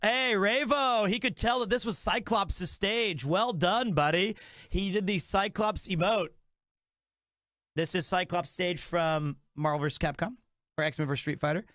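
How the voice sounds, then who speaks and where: A man chats to his stream with eager, rambling energy, circling back on his own phrases. His voice sits high. The sound is close and dry, with no room around it. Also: moderate pace, a bit bright, dry recording. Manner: enthusiastic, rambling with restarts. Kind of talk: casual live-stream chat.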